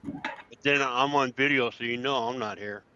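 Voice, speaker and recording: A man's voice: mid-range voice, moderate pace, sharp tone, smooth. A man co-hosting a casual podcast, rambling and trailing off with lots of ums. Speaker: podcast co-host. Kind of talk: casual chat. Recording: dull lo-fi sound.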